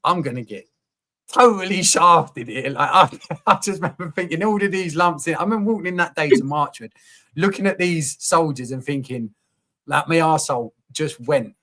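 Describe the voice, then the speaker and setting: A man telling his story in a candid conversation, open and animated, full of slang and the odd swear. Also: on the high side, brisk. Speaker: podcast guest, coach.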